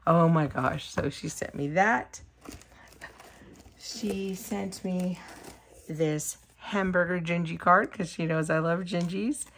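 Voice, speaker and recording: A woman who is losing her voice chats casually while unboxing gifts, gushing and excitable, and she says "oh my gosh" again and again. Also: on the low side, unhurried, few pauses, a little hiss or hum. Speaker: crafting vlogger.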